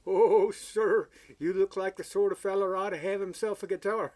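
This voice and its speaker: A man's voice: sits high, steady tone, normal speed, a little mellow, voice pushed up, lightly acted. Man doing a gushing pushy pawn shop salesman. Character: eager fawning male pawn shop salesman.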